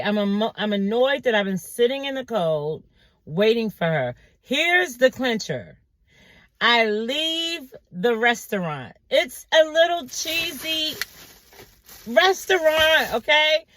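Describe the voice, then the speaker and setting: A woman vlogger telling a story in a casual monologue, animated and exasperated, acting out the quotes in a higher voice. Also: no room sound.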